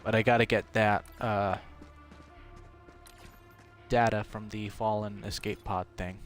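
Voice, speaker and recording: A man's voice: fairly low pitch, fairly even intonation, measured pace, faint music behind. A man streaming a game live, chatting casually with his viewers in a rambling way, full of fillers and restarts. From half British.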